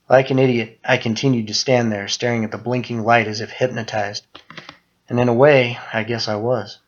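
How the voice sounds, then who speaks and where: A man reading his own first-person horror story aloud, muttering through the narration and breaking into loud outbursts on the quoted lines. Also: fairly low pitch, highs cut off.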